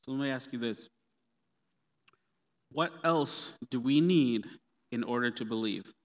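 A man preaching a sermon in a relaxed, conversational way with playful asides. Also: medium pitch, measured pace. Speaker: pastor. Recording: long reverb of a hall.

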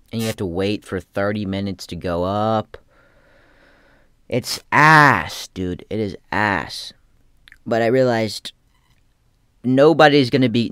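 A man's voice: fairly low pitch, a bit bright, smooth, dry recording. A young man talking in a casual rambling monologue, slangy and profane, with lots of restarts. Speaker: aspiring comedian.

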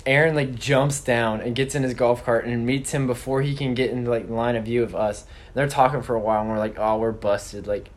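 A man's voice: mid-range voice, fairly even intonation, a little fast, few pauses. A teenage boy casually telling a funny story, full of quoted lines and laughter. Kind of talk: casual chat.

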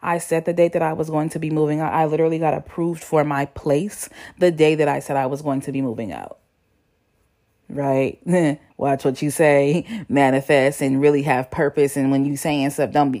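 A young woman talks straight to her viewers, relaxed and full of slang. Her voice sits a little low, and she tells her story with lively, animated energy. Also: moderate pace. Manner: chatty, slangy, animated retelling. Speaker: vlogger. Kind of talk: casual storytelling to camera.

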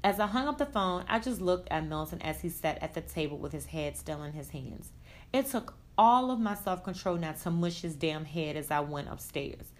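A woman reading a first-person story aloud in a blunt, expressive way, with casual swearing. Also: on the low side, normal speed. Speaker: reader.

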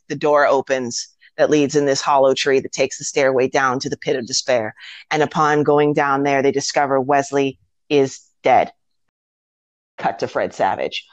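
A woman's voice: deep voice, normal speed, no echo. A woman casually retelling a film on a podcast, acting out the characters' lines and swearing freely. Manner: animated storytelling with acted-out quotes and swearing. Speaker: podcast host.

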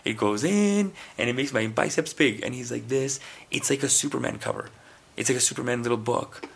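A man's voice: mid-range voice, a little fast, vocal fry, a little hiss or hum. A man from India chatting casually on a podcast, telling rambling stories and acting out quoted voices. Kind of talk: casual chat.

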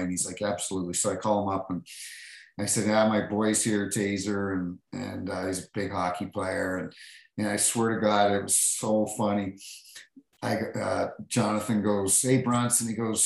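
A middle-aged man with a fairly low voice tells stories in a relaxed, chatty way, acting out other people's lines and restarting sentences. The room around him is noticeably echoey. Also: gravelly. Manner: animated anecdotes, acting out quotes, many restarts. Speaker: podcast guest, former hockey referee. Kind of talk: casual storytelling.

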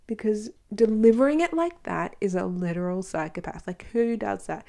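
A woman speaks frankly and earnestly as she hosts a podcast, recounting her own experience. Her voice is warm and mellow, with a gravelly fry running through it. Her delivery is personal and conversational, with quick asides. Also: medium pitch, lively intonation. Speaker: podcast host. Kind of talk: personal storytelling monologue.

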